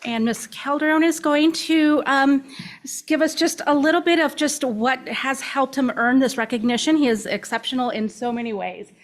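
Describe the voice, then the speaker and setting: Bright-voiced woman announcing an award. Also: high voice, normal speed. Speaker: presenter at a school board meeting. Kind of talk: announcing an award at a public meeting.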